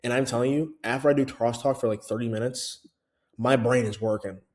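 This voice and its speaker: A man with a mellow, somewhat dark voice talks casually to the camera, rambling with plenty of fillers and false starts. The sound is roomy, with a noticeable echo around him. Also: mid-range voice, fairly even intonation, brisk. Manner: chatty, full of fillers and restarts. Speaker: language-learning vlogger.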